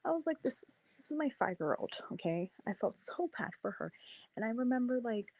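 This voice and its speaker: Animated woman telling a story. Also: a little high, moderate pace, no room sound, low-quality recording. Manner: animated, acts out quoted voices. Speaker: debate participant. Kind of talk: casual storytelling in a debate.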